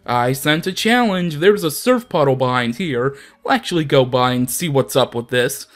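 Young male gaming host, casual and rambling, lively swings in pitch. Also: moderate pace, soft background music. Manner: chatty, rambling, self-deprecating. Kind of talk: casual let's play commentary.

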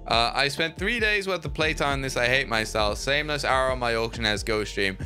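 A young man from England, a gaming YouTuber giving excitable, joking commentary to his chat. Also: medium pitch, fairly quick, few pauses, soft background music. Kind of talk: casual gameplay commentary.

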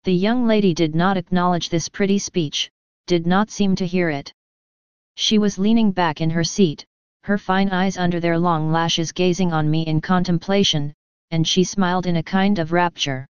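A woman narrating an audiobook in a measured, even storytelling manner, recorded close to the mic. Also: fairly low pitch, clean tone, dry recording, highs cut off.

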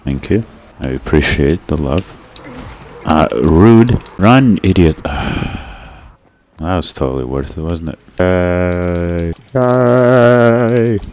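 A man with an extremely low, deep voice talks through a video game in casual let's-play commentary. His jokes are sarcastic and mock himself, and he breaks into excited shouts at the screen. Faint ambient noise sits behind his voice. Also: takes it slowly. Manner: sarcastic, self-mocking joking. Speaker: gameplay commentator.

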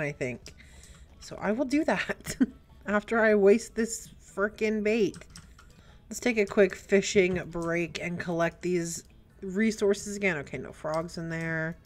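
A young woman giving let's play commentary, chatty and prone to excited squeals and gasps. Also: medium pitch, measured pace. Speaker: gaming YouTuber. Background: faint game music.

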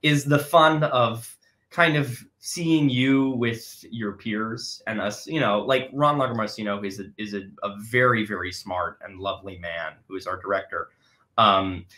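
Bright-voiced young man, rambling and laughing. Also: on the low side, measured pace. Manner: rambling, hesitant, laughs often. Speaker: actor interviewing with his father. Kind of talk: casual conversational interview. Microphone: video call.

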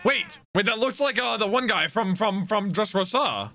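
Man, anime reaction host, high voice, bright tone, excitable, slangy. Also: moderate pace, soft background music. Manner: excitable, thinks aloud, slangy.

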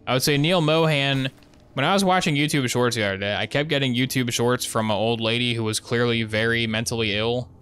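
A man's voice: mid-range voice, fairly even intonation, brisk, a bit bright, smooth. A young man giving casual, sarcastic live commentary while playing a shooter, rambling into jokey asides. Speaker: gaming streamer.

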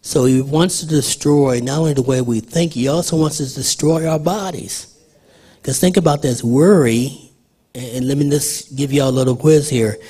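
A man's voice: medium pitch, moderate pace, mellow, slightly rough. An older man preaching a sermon in church in a conversational way, asking the congregation questions. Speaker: pastor.

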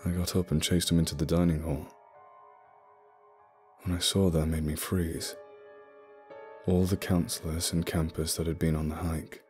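A man narrating a spooky story in the first person, telling it in a steady, low-key way. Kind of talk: scripted horror narration. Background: soft music.

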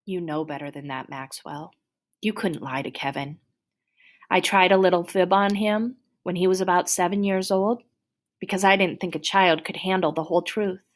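A woman voicing a patient, kind, tired woman doctor who speaks softly, slowly and calmly. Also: mid-range voice, natural voice. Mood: gentle.

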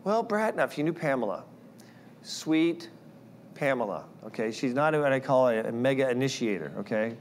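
A man preaching a sermon, telling personal stories in an animated way and acting out the voices of people he quotes. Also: mid-range voice, moderate pace, slight background noise. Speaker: guest speaker.

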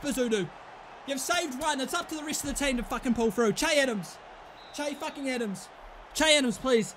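A man's voice: extremely high pitch, quick pace, a bit bright. A young man reacting to a football manager game, swearing constantly and swinging from panic to screaming joy. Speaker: gaming YouTuber. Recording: faint background noise.

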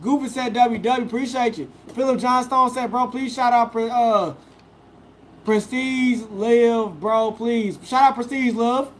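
A man's voice: very high-pitched, measured pace, slight background noise. A young man, a food vlogger, chatting casually on a live stream, reading viewer comments aloud and answering each one.

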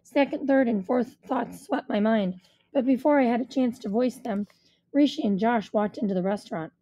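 Mellow woman reading a storybook. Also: a little high, normal speed. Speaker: audiobook reader. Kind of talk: first-person storybook narration.

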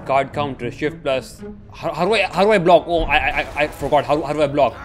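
A man's voice: on the high side, brisk. A man giving comedic commentary as he plays a video game for the first time, stammering, swearing and laughing as he goes. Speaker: gaming YouTuber. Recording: background game music.

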